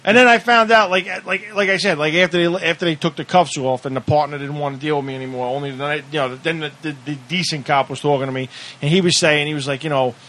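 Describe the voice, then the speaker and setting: A man's voice: fairly high pitch, steady tone, fast talker, pushed and bright. A man in his thirties telling a story in casual chat, heated, swearing a lot and rambling. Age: 30s.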